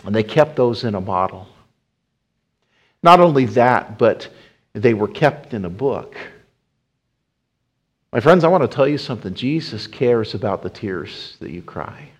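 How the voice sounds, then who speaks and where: A man preaching a sermon, rising to emphatic appeals and dropping to soft hushed passages. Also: mid-range voice, animated, a little slow, long pauses, breathy edge. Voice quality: whispers at times. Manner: swells loud and emphatic, then drops to a soft hush.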